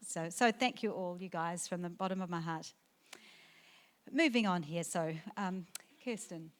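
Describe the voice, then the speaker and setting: A middle-aged woman, the mother of the bride, giving a wedding reception speech into a handheld mic, emotional and halting, with fillers and restarts. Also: medium pitch. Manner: emotional, tearful at times, laughing through the speech. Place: wedding reception venue, indoors.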